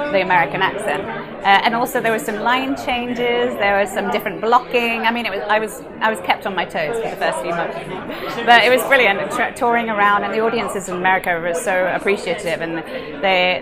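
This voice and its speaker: Bubbly British actress, chatty and laughing. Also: female voice, lowish voice. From England. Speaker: musical theatre actress, interview guest. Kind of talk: casual interview chat.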